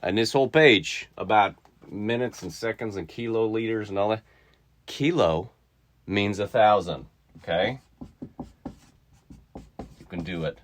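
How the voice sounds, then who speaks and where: A man teaching a casual math lesson to kids, playful and talking to himself as he works through problems. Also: deep voice. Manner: playful, talks to himself while solving. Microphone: mic not attached to his body.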